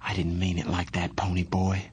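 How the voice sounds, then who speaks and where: Male reader doing a scared teen runaway, husky and shaky, lower register. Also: moderate pace, darkish tone. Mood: soothing. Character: frightened teenage boy on the run, guilt-ridden.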